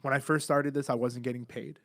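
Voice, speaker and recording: A young man chats as a podcast guest, candid and easygoing, slipping in jokes. His voice sits mid-pitch for a man and is recorded close and bone dry. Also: a little fast, no echo. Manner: relaxed, candid, joking. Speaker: podcast guest, comedy studio owner. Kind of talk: casual chat.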